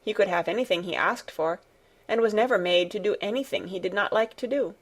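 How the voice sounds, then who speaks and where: A woman reads a classic novel aloud as an audiobook, at a middle pitch. Her delivery is soft and even, and her pacing is relaxed, as if she were telling a bedtime story. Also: brisk. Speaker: audiobook narrator. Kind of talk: calm scripted audiobook narration.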